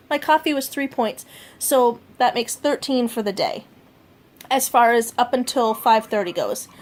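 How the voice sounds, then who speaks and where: At home, a vlogger with a fairly high voice casually logs what she ate today. She rambles on, using fillers and correcting herself.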